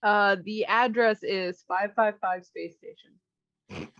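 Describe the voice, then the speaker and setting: A woman narrating a tabletop game as game master, describing scenes in a relaxed way. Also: mid-range voice, slow, no room sound, muffled recording.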